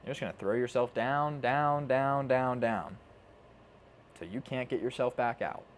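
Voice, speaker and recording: A man's voice: mid-range voice, unhurried. A man coaching viewers on self-improvement in a casual, earnest motivational talk, often repeating himself and swearing now and then. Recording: faint background noise.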